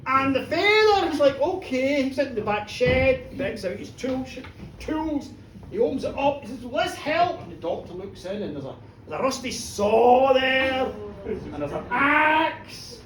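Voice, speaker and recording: A storyteller spinning a gory comic tale to a live pub audience, animated and teasing. The voice is fairly high. It is picked up from a distance in a reverberant room, with faint background noise. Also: moderate pace.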